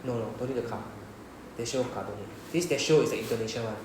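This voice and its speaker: A man's voice: medium pitch, fast talker, noisy background. Singaporean man teaching in an echoey classroom. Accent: Singaporean English. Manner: repeats "right?" to check understanding. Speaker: Japanese teacher. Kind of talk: classroom lesson explanation.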